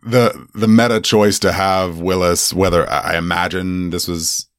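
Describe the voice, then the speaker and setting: A man co-hosting a casual movie podcast, rambling and halting as he thinks aloud. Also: low voice, steady tone, clean tone, no room sound, studio quality. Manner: rambling, halting with fillers and restarts. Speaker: podcast co-host. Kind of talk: casual movie review chat.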